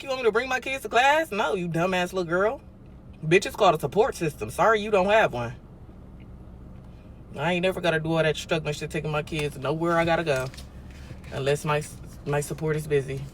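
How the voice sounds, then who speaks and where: A woman's voice: lowish voice, expressive, brisk. Blunt, profane young woman livestreaming. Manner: blunt and profane, with swings between loud and quiet. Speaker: livestream host. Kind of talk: casual livestream chat.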